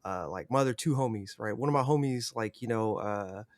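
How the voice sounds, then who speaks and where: A man's voice: lowish voice, brisk, dry recording. Rambling, profane young man in a dry room. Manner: profane, rambling, filler-heavy. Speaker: podcast guest. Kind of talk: casual storytelling.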